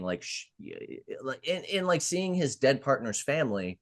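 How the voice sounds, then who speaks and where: A man co-hosting a podcast, talking casually about a film in an animated, profane way and acting out what people said. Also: medium pitch, moderate pace. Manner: animated, profane storytelling with acted-out quotes. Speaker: podcast co-host.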